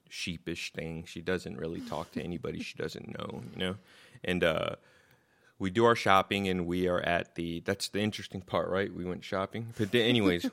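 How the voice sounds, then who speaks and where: A man's voice: deep voice, gravelly, fairly bright tone. A middle-aged man hosting a podcast, telling stories in a casual, rambling and profane way, laughing at his own jokes. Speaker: podcast host. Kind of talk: casual storytelling chat.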